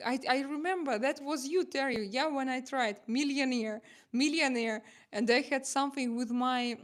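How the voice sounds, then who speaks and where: Woman host chatting on a livestream, English. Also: a little high. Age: 40s. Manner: non-native English, many uhs and restarts, reads chat aloud. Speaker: livestream host and makeup artist. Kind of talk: casual livestream chat reading comments.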